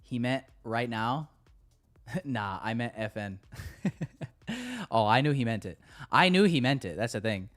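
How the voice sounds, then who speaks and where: A man's voice: medium pitch, animated, measured pace, pauses often, fairly bright tone, faint music behind. A man livestreaming his day trading, chatting loosely with viewers in casual, joking, sometimes profane banter. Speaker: day trader streaming live. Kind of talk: casual live-stream commentary.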